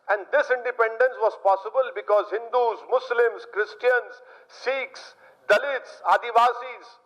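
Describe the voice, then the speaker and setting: Man, Indian English accent, high voice, emphatic political statement, repeated refrains, muffled lo-fi audio.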